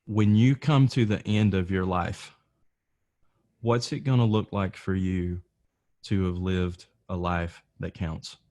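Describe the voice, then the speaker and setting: Very deep-voiced male podcast host. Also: slow pace. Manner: relaxed, calls the guest dude. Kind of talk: casual interview.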